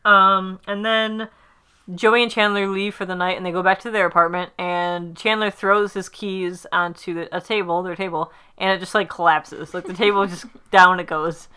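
A woman's voice: lowish voice, fairly even intonation, normal speed, sharp tone, clear, resonant tone. A woman recapping a sitcom episode in casual chat, rambling with fillers and acting out the characters' lines. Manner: chatty, rambling with many fillers, acts out quotes.

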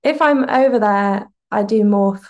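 A woman's voice: medium pitch, unhurried, a little mellow, muffled recording. A young woman guest with a mixed British-American accent, chatting in a laid-back, rambling way on a podcast. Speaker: musician guest. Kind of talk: casual podcast chat.

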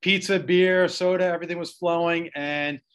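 Casting note: man, slightly high voice, relaxed conversational recollection. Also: normal speed, smooth. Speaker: interview guest, relative. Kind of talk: casual recollection.

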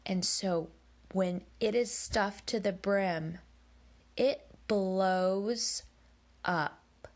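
Slow, candid woman podcast host. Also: mid-range voice. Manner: emphatic, candid, swears when heated; slow and deliberate. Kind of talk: personal storytelling monologue.

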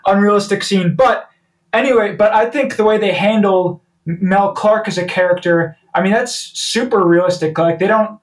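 High-voiced man rambling about a movie. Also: moderate pace, far from the mic. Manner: rambling, many "like" and "you know" fillers. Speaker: podcast co-host. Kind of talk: casual movie discussion.

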